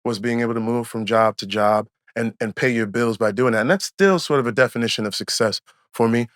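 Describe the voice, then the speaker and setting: Man, forties, podcast co-host, lively storyteller, dry close sound. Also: medium pitch, a little fast, no echo. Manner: animated storyteller, acts out quotes. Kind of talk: casual chat.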